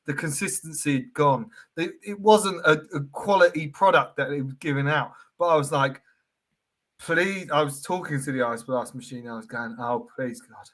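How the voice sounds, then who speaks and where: A man co-hosting a laid-back football comedy chat, his voice bright and a little high. He tells jokey, animated stories with a playful edge. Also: brisk, few pauses. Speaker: co-host.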